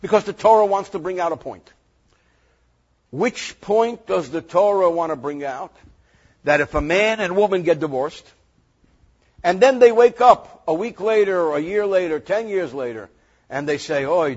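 Animated high-voiced husky rabbi. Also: male voice, moderate pace, dull audio. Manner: animated, joking, reads Hebrew verses then translates. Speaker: rabbi teaching Torah. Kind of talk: lively classroom lesson.

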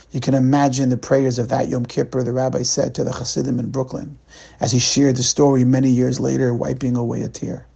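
A male rabbi telling a weekly sermon story in a slow, dramatic way. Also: medium pitch, gravelly, dark tone, husky.

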